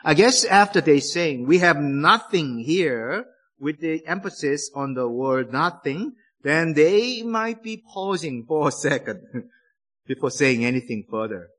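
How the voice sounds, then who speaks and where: Male preacher, sermon, fairly high voice, very slow and deliberate, emphatic stresses. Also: expressive, a bit bright.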